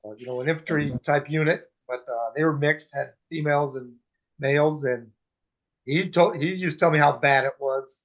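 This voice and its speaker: A man in casual chat, retelling a story in a halting, earnest way with many fillers. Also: on the high side. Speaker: veteran, panel member. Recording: dull lo-fi recording.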